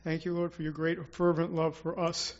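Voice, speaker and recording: A man's voice: a little high, completely flat delivery, normal speed, muffled recording. A man preaching an informal, rambling sermon to his congregation, with prayerful asides and restarts. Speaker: church speaker.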